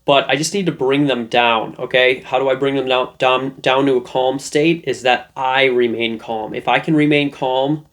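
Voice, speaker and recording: A man's voice: medium pitch, fairly even intonation, normal speed, few pauses, a bit bright. A man hosting a relationship advice lesson, talking loosely and conversationally. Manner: loose, conversational, with fillers and restarts. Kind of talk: casual talking-head lesson.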